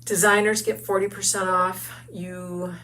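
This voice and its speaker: A woman's voice: medium pitch, little pitch movement, measured pace, sharp tone, a little hiss or hum. A middle-aged woman from the United States hosting a crafts video, chatting upbeat with viewers while she works. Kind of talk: casual crafting talk and promo.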